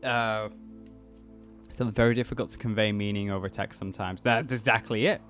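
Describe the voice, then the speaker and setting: His voice is on the low side and fairly bright, with fairly even intonation and normal speed, and faint music plays behind. He's a twentysomething YouTuber and voice actor with a mixed British-American accent, casually reacting to comments: reading them aloud, rambling, and restarting sentences.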